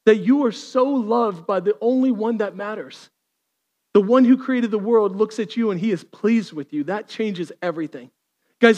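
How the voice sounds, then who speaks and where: A man, preaching a sermon, swinging from lively storytelling to quiet intensity. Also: high voice, long reverb tail. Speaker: pastor.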